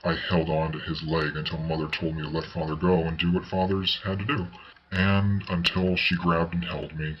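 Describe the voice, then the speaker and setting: A man reading a ghost story aloud as narrator, in a measured, unhurried way. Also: low-pitched, little pitch movement. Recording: slightly dull recording with faint hiss.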